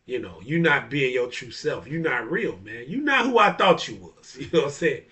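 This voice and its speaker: A barber talks straight to camera in a loose, profane monologue, laughing often and leaning on stock phrases. His voice is bright and forceful, picked up from a little distance from the mic. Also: medium pitch, sing-song, normal speed. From Chicago area. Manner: blunt, profane, laughs often, repeats "you know what I'm saying". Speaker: barber and DJ hosting a talk video. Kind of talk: casual monologue.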